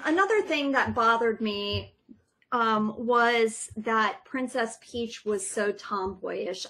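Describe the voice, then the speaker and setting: Opinionated mom, bright higher voice. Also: female voice, poor audio. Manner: opinionated, thoughtful, many ums. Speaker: podcast co-host, mother. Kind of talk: casual family podcast chat.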